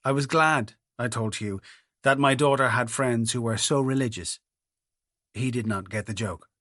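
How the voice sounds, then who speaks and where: A man's voice: mid-range voice, fairly bright tone, no room sound. Brief: middle-aged man, first-person audiobook read, wry and understated, dry close sound. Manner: wry, dry-humoured storytelling. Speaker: audiobook narrator.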